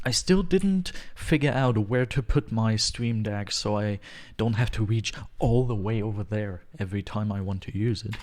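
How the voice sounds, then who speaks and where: A man's voice: on the low side, normal speed, few pauses, a little mellow. A man live-streaming a game from his home, rambling and joking to his chat with frequent chuckles. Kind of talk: live gaming stream chatter. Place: home room, alone.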